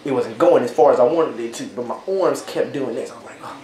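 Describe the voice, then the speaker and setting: Speaking a little fast in a mid-range, slightly mellow voice, a young man vlogs to camera from an echoey room. He rambles through a casual story, leaning on fillers and tossing in "right?" again and again.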